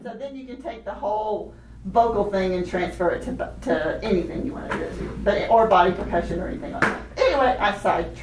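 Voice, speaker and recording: A woman leading a hands-on children's music workshop, animated and laughing often as she teaches chanted rhythms. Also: mid-range voice, fairly quick, noisy background. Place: workshop room with participants. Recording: echoey room, voice from a distance.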